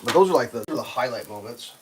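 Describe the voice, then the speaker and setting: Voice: mid-range voice, rapid-fire. A live streamer telling traffic stories in a rambling, profane rant, full of "like" and acted-out outbursts. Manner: profane, ranting, heavy use of "like"; animated, acts out other drivers in loud bursts.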